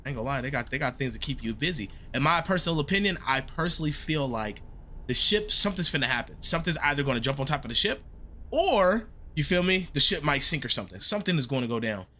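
A man's voice: on the high side, very animated, fast talker, sharp tone. A young man giving laid-back, slangy, rambling commentary while playing a horror game. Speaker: gaming streamer. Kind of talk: casual gameplay commentary.

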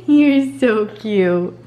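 A woman's voice: sits high, very animated, extremely slow, mellow. A woman filming a home vlog, talking in sing-song baby talk to her toddler and chatting to viewers. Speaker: vlogger mom.

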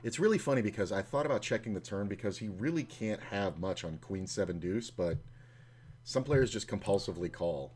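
A man's voice: lowish voice, brisk, slight background noise. A man streaming his online poker session, chatting casually and swearing now and then, at home at his computer. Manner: relaxed, chatty, sometimes swearing. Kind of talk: casual running commentary while playing.

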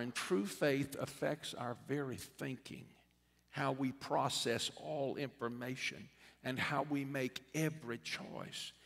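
Gravelly preacher man in a reverberant church. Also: medium pitch. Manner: preaching cadence, rising to loud repeated refrains. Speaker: bishop preaching. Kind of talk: sermon. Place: church sanctuary. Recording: long reverb of a church hall.

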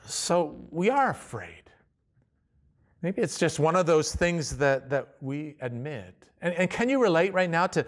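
A man preaching a sermon in a conversational way, often restarting phrases and reading scripture slowly. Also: on the high side. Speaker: pastor.

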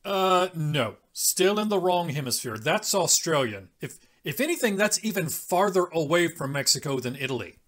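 Woman doing a know-it-all party guest, lowish pitch, lively intonation. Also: moderate pace, few pauses. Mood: pedantic. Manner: pedantic, correcting. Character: party guest dressed as a wizard, pedantic.

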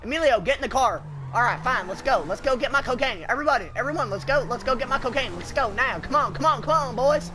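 A woman gamer talking loud, goofy and profane in online party chat, drawling "y'all" and "feller". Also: high-pitched, expressive, fast talker, hardly any pauses, background noise. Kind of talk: rowdy party chat while gaming.

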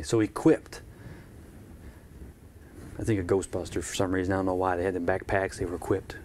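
A man's voice: low voice, steady tone, a little fast, long pauses, darkish tone. A man preaching a live-streamed church sermon in a conversational way, with asides and repeated phrases.

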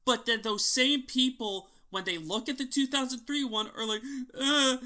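A man's voice: extremely high pitch, normal speed, sharp tone. A man co-hosting a podcast in casual chat, opinionated and ranting, swearing freely. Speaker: podcast co-host.

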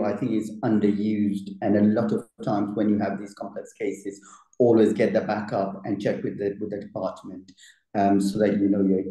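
A man speaking haltingly in a webinar, often repeating words as he thinks. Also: lowish voice, warm tone. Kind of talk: webinar discussion. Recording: echoey room on a call.

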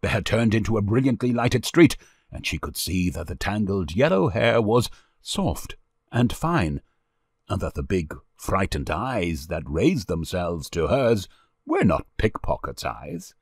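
A man narrating an old storybook in an expressive, lively way. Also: low voice, a little slow, slightly rough, no room sound, studio quality. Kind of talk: storybook reading.

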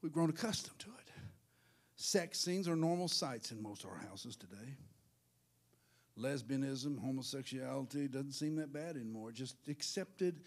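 A male pastor preaching a sermon in church, swinging from hushed asides to shouted, sing-song peaks. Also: a little high, expressive, normal speed.

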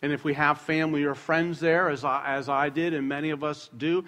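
A middle-aged male pastor preaching a sermon in a church, conversational and joking at times, slowing down to stress key words. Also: fairly high pitch, fairly even intonation, fairly bright tone. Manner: conversational, jokes with the congregation, slows down to stress words. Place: church sanctuary. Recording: long church hall reverb.

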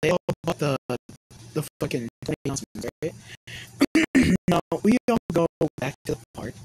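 A man's voice: fairly high pitch, sing-song, normal speed, background noise. A young man tells a casual storytime vlog, rambling and swearing with lots of filler words. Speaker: vlogger.

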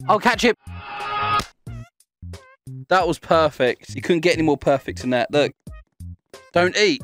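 A man's voice: on the high side, expressive, a little slow, pauses often, fairly bright tone, faint music behind. A young man hosting a gaming video, giggling and teasing players as he plays. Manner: giggly, teasing, laughs often. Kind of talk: playful gameplay commentary.

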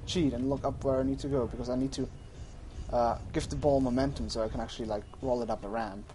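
A man's voice: medium pitch, steady tone, fast talker, dark tone, slight background noise. A man streaming a game, chatting casually, rambling and often correcting himself. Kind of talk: casual gaming livestream chat.

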